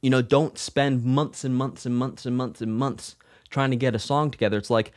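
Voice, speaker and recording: A man's voice: mid-range voice, normal speed. A man teaching music in a live question-and-answer lesson, talking energetically, repeating himself and telling stories. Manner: energetic, repeats phrases, animated storytelling.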